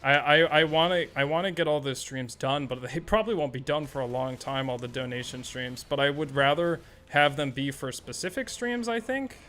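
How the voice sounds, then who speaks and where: A young man chatting casually on a live gaming stream, excitable and rambling, swearing freely. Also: mid-range voice, fairly quick, few pauses, a little hiss or hum.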